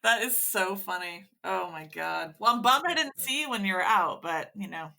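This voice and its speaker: Bright, expressive woman guest. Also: medium pitch, moderate pace, gravelly. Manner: laughs easily, expressive and candid. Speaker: guest, professor and author. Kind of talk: casual interview chat.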